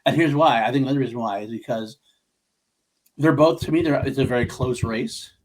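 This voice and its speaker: A man's voice: mid-range voice, fairly quick. A man co-hosting a podcast, talking about films in a casual, enthusiastic, rambling way. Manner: enthusiastic, rambling, with restarts and swearing. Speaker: podcast co-host. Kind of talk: casual movie discussion.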